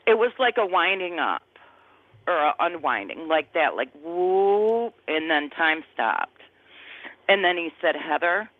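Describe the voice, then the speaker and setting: In a deep voice, a woman in her fifties shares her personal testimony as a guest, speaking conversationally, earnestly and emotionally while often searching for words. The line sounds tinny and phone-like, dry with no room sound.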